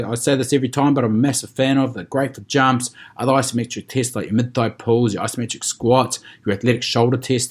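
Fast-talking husky podcast host. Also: male voice, medium pitch, darkish tone. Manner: fast, upbeat, reads ad copy and guest bios. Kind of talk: podcast intro and interview.

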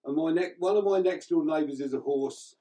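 Laughing English man, slightly high voice. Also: fairly quick, mellow, poor audio. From England. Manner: chatty, laughs often while talking. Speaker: radio show co-host. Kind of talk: casual chat.

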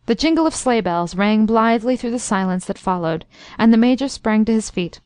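A woman's voice: on the high side, animated, a little fast, few pauses, darkish tone, clear, resonant tone, no echo. Woman narrating a storybook, dry. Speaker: audiobook narrator.

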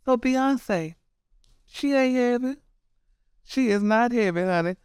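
A man's voice: very high voice, slow pace, darkish tone, clean tone, dry recording, clean studio sound. A man hosting celebrity gossip in a sassy, dramatic way, calling everyone honey and girl. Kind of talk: casual gossip commentary.

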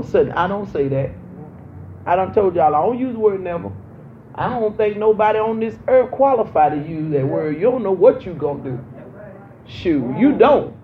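A woman's voice: medium pitch, expressive, normal speed. A young woman pastor preaches to her congregation in call-and-response, hammering the same phrases again and again. The recording is muffled and a little lo-fi, with a faint hiss of background noise behind her. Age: young adult. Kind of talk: preaching a sermon.

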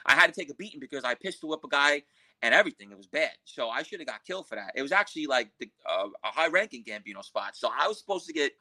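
A man's voice: on the high side, lively intonation, rapid-fire, bright, forceful tone, poor audio. A man telling a crime story as a podcast guest, in blunt, profane street talk. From Queens, New York. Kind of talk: storytelling interview.

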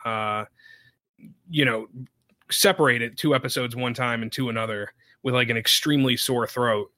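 Bright-voiced man chatting, dry sound. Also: mid-range voice, normal speed, no echo. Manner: relaxed, chatty, many fillers. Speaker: podcaster guest. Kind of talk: casual podcast chat.

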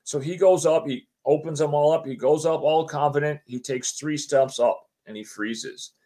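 A man's voice: on the high side, moderate pace, dark tone. A middle-aged man telling a personal story as a guest, retelling the conversations line by line and acting out what people said to him. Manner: chatty, often says "she goes" and restarts his sentences. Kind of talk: casual spoken anecdote.

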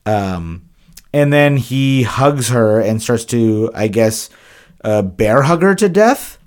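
A man's voice: medium pitch, lively intonation, slow pace, a little mellow. Man casually recapping a movie. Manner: loose, profane retelling with acted-out quotes. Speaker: podcast co-host.

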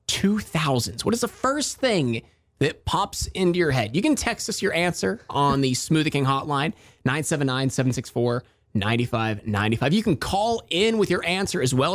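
A man in his thirties hosting a morning radio show, reading promos and bantering with co-hosts in an animated way. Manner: animated, sweeping pitch, reads promos quickly.

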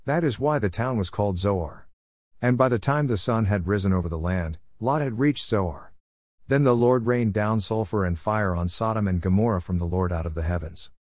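A man giving a steady, measured scripture reading. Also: fairly low pitch, no room sound, clean studio sound. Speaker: scripture reader.

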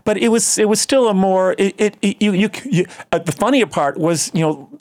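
A man in casual conversation, halting and repeating words, with a trained singer's voice that jumps between registers. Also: a little mellow. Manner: trained voice, shifts pitch a lot. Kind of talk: casual chat.

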